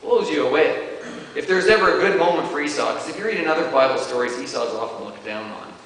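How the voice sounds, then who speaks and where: A man's voice: medium pitch, animated, fast talker, fairly bright tone. A man preaching a sermon in a church, in a loose, conversational way full of fillers and restarts. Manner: conversational, with many fillers and self-corrections. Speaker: pastor. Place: church hall. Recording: distant, echoey church hall with hiss.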